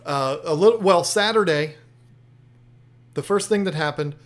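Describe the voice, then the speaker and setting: A man's voice: a little high, moderate pace. A man hosting an aquarium channel, telling a story in casual chat, often restarting and repeating himself.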